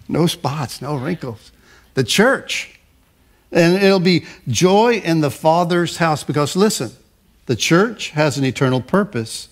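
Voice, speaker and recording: An older man, a pastor, preaching a sermon in a conversational way, often repeating and restarting his words and slowing to stress lists of phrases. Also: on the high side.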